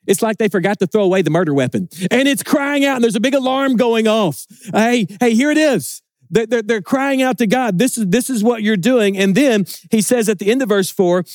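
A man with a fairly high voice preaches a sermon, earnest and emphatic, with stumbling repeats as he builds a point. The sound is dry and close, with no room echo. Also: darkish tone.

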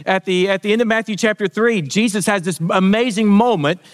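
A man's voice: high-pitched, fairly quick, long reverb tail. A man preaching a sermon as pastor, casual and conversational, with frequent fillers and restarts.

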